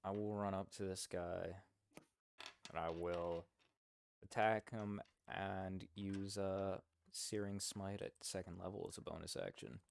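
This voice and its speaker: A man's voice: low voice, fairly even intonation, measured pace, creaky, smooth, no echo. A man playing a tabletop game, hesitant with many fillers and casual swearing. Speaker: player.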